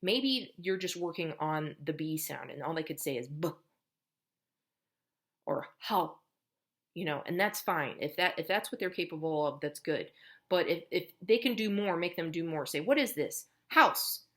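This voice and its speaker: A woman's voice: deep voice, lively intonation, normal speed. A woman speech teacher explaining patiently to parents, step by step, how to build a child's language at home. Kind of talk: instructional lesson for parents.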